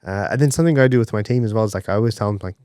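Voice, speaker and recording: A man with a fairly low voice co-hosts a podcast in loose, casual chat. He talks in an animated way, swears freely and acts out the people he quotes. The sound is close and dry, with no room around it. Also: very fast, no echo. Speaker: podcast co-host.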